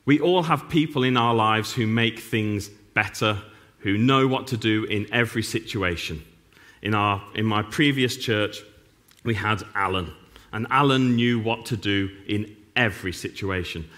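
A middle-aged man preaching a sermon as pastor, animated and full of dry, self-mocking humor. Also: fairly low pitch, measured pace. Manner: wry, self-mocking humor with sarcastic asides.

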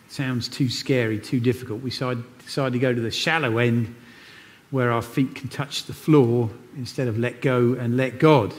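Brief: male preacher, mid-pitched, earnest and conversational, long church reverb. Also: fairly even intonation, normal speed. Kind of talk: sermon.

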